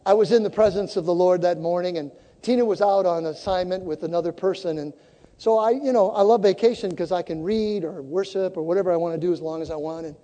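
A woman preaching a sermon as a story, animated and acting out the conversations she tells. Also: on the low side, long reverb tail.

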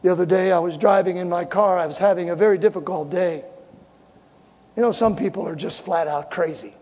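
A male pastor preaching a sermon in a church, telling funny stories and breaking into shouted exhortations. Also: sits high, brisk, big-room sound. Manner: animated, humorous storytelling with shouted exhortations. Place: church sanctuary.

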